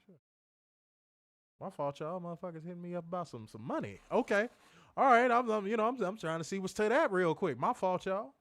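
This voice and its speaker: Man, casual stream chat, profane storyteller, lively voice, slightly high, dry sound. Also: fairly quick, no echo. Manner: animated storytelling, loud bursts, profane. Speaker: co-host of a wrestling review show.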